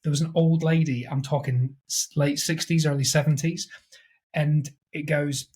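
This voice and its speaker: A man's voice: on the high side, fairly even intonation, normal speed, a little mellow, breathy edge. A man co-hosting a podcast, chatting casually and rambling as he tells a story. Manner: rambling, acts out quoted voices. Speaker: podcast co-host. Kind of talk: casual chat.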